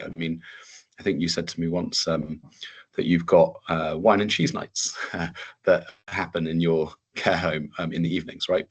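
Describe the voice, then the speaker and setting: An English man hosting a webinar panel in an easygoing, halting way, with many ums and restarts. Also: deep voice, husky. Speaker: webinar host.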